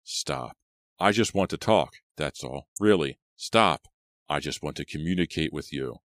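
An unstable young man mutters and rambles with quiet menace, as a deep-voiced audiobook narrator plays him. The voice sits very low and close. There is no room sound. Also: lively intonation, a little slow, no room sound, full character voice. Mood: pleading.

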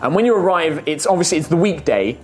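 Animated game master. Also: mid-range voice, fast talker. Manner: animated, laughing, full of fillers. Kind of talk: narrating a tabletop game.

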